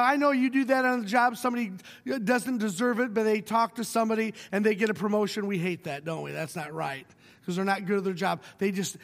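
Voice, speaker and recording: A middle-aged male pastor delivers a sermon, sharing a personal story with wry humor as he shifts between hushed and emphatic tones. His voice is high-pitched, and a long reverb tail trails each phrase.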